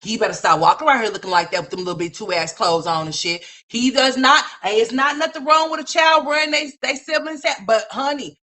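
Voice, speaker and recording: Brash, profane woman ranting bright. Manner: profane, brash, scolding, heavy slang; animated, swings between loud and low. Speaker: commentary livestream host. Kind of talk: ranting commentary.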